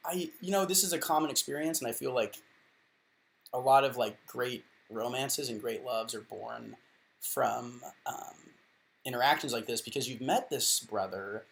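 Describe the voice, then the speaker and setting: A man in his thirties answers advice questions straight to camera in a relaxed, rambling way, with plenty of restarts and fillers. His voice has a gravelly, creaky edge. He jokes at his own expense as he goes. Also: mid-range voice, normal speed. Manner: rambling, self-deprecating, lots of "like" and restarts. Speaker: advice column host. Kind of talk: casual advice talk to camera.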